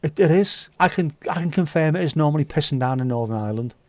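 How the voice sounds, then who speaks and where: A man's voice: on the high side, expressive, fast talker, dry recording. A man hosting a livestream, reading viewer comments aloud with sweary, jokey banter. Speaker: livestream host. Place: indoors.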